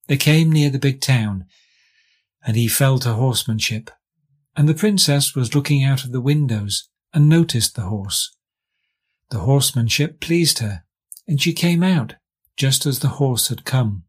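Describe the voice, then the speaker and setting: A man from England reading a fairy tale aloud as scripted narration, with measured storytelling. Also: medium pitch, breathy edge. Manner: measured storytelling, lightly voicing characters. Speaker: audiobook reader.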